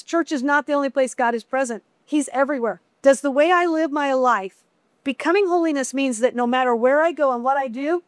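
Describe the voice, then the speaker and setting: A middle-aged woman teaching a women's Bible study in a chatty, conversational way with animated asides. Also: high voice, clear, resonant tone, no room sound.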